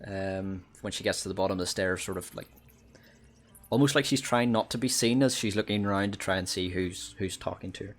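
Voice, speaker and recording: A man's voice: low voice, fairly quick, a bit bright, soft background music. A man narrating as game master of a tabletop game, hesitant, full of ums and restarts.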